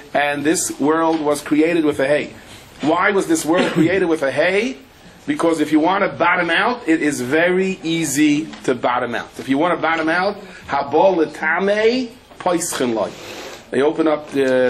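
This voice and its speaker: Man giving a lively Torah class. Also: a little high, slight background noise. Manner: animated storytelling, acts out the people in his anecdotes. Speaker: rabbi.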